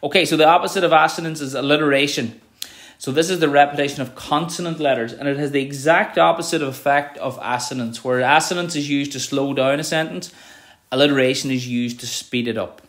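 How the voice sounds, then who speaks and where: A man teaching a revision lesson to students at home. His voice sits at an ordinary middle pitch, and he explains step by step, checking in with "okay" as he goes. He slows right down whenever he reads an example line aloud. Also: a bit bright. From Ireland.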